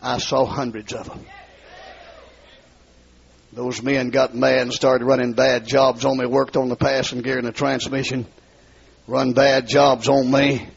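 A man with a rural Southern accent preaching his testimony in a large hall, dropping low to tell his story and rising to shout. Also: level tone, a little slow, creaky, long pauses. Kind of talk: fiery revival sermon. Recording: dull lo-fi recording.

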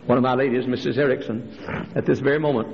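A male pastor preaching a sermon in a church, swinging from hushed storytelling up to impassioned shouted refrains. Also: steady tone, quick pace, slight background noise. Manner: impassioned preaching, climbing to shouted refrains, dropping low for stories. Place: church sanctuary. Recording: lo-fi recording with long hall reverb.

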